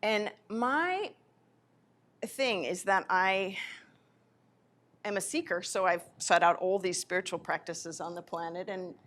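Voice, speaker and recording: A spiritual teacher giving a live lecture, telling personal stories in an animated way and often correcting herself mid-sentence. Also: female voice, lowish voice, measured pace, long pauses. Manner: animated anecdotes with self-corrections.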